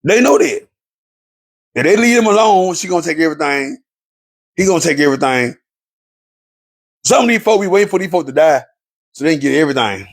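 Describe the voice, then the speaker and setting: A man delivers a preachy monologue straight to his viewers, hammering each point through repetition. His voice is gravelly and husky and sits a little high for a man. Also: animated, brisk, long pauses. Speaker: relationship commentator.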